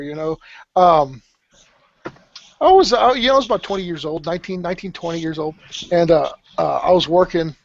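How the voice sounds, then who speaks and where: A man's voice: fairly high pitch, creaky. A middle-aged man, rambling through a story on a podcast with many restarts and some swearing. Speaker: podcast guest telling a story. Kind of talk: casual storytelling. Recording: dull, slightly muffled podcast audio.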